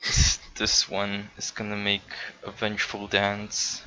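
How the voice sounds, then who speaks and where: Slow, low-voiced man at a game table. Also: monotone, pushed and bright, a little hiss or hum, low-quality recording. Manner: slow, hesitant, checks his notes. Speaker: player. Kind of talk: casual tabletop game chat.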